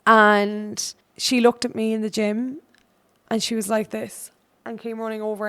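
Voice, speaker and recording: An Irish woman hosts her own podcast and tells a long personal story in casual, run-on sentences. Her voice is smooth and clear, and her pitch stays fairly level. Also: flat delivery, measured pace, fairly bright tone. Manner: chatty, run-on anecdote telling. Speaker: podcast host.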